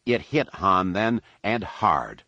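Low-voiced male narrator reading an action story. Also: big pitch swings, bright, forceful tone, no room sound, highs cut off. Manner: measured, dramatic reading. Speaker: audiobook narrator. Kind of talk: scripted narration.

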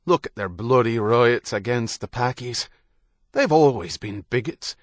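A man voicing an aging village priest in an audiobook, speaking in a hushed, sighing way that flares into bitterness. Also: mid-range voice, lively intonation, measured pace, dry recording, studio quality, voice pushed up, lightly acted. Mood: bitter. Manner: mournful, hushed and sighing, flaring into bitter outbursts. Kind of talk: audiobook character reading.

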